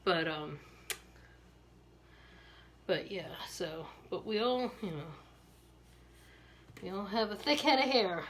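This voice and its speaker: Rambly maryland woman doing her hair on cam, laughs a lot, bright tone. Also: medium pitch, animated, takes it slowly, long pauses, slight background noise. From Maryland, USA. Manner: chatty, rambling, laughs often. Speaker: beauty vlogger. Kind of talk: casual chat while styling hair.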